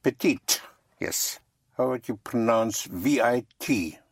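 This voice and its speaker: A French teacher giving a slow, patient one-on-one lesson and spelling words out letter by letter. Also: medium pitch, husky, no echo, clean studio sound.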